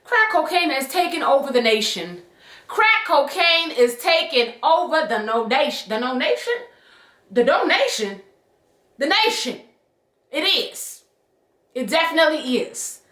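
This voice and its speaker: A young woman telling a storytime vlog in an animated, sassy and profane way. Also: sits high, unhurried. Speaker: vlogger. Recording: echoey room.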